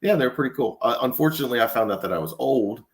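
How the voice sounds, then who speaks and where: A man's voice: medium pitch, animated, fast talker. A man who is a podcast guest, chatting casually in a hesitant way and repeating words as he talks. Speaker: podcast guest, snake breeder. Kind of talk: casual chat.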